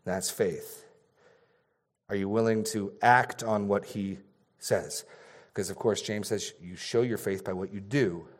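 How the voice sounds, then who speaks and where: A man preaching an expository sermon in an earnest way, getting louder and softer to stress his points. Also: on the low side, fairly even intonation, unhurried. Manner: earnest, varies loudness for emphasis.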